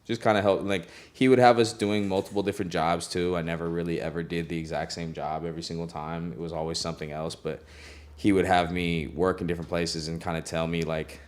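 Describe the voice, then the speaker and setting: A young recording engineer tells stories in a casual interview, relaxed and laughing often, peppering his talk with "like" and "you know." His voice is low and fast, with few pauses.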